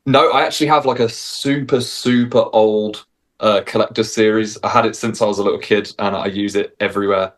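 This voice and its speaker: Brief: English man, 30, lowish voice, laid-back guest on a video call. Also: a little fast. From England. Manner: relaxed, says dude a lot. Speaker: guest musician. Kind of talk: casual interview chat.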